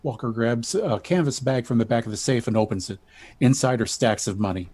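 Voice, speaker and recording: A man narrating the stage directions in a measured, even way during a stage reading. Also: mid-range voice.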